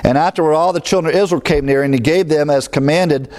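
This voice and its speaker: A man preaching an expository sermon, talking to the congregation in a conversational way and swelling louder on key words. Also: a little high, quick pace. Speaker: pastor.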